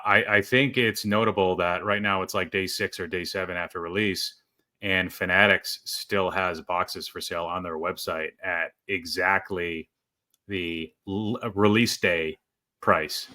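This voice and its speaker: A man's voice: sits low, bright, forceful tone. A man hosting a podcast, talking casually with frequent fillers and restarts. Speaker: podcast host. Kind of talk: casual chat.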